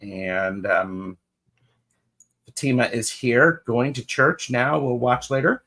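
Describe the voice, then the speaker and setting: A man's voice: medium pitch, takes it slowly, pushed and bright. A man co-hosting a live tarot stream in casual chat, greeting viewers by name with fillers and restarts.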